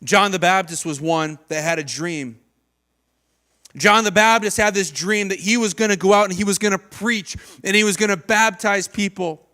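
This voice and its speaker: A male pastor preaching a sermon in a church, animated and acting out the voices of people in the story. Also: sits high. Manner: animated, acts out quoted voices of biblical figures. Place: church stage.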